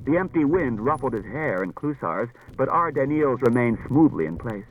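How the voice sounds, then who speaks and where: A man's voice: mid-range voice, sing-song, normal speed, narrow, tinny audio, slight background noise. A man giving scripted audiobook narration, reading expressively.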